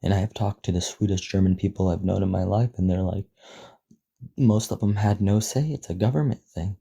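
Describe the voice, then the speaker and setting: A man's voice: deep voice, fairly quick, gravelly, warm tone, breathy edge, muffled recording. A man speaking as a panelist in a casual discussion, earnest and conversational.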